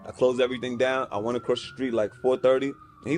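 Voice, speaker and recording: A man from Brownsville, Brooklyn, with a New York accent talks fast with few pauses, his medium-pitched, darkish voice fairly even in intonation, over slight background noise. A music executive guesting on a podcast, he tells a story in casual slang and acts out the voices of people he quotes.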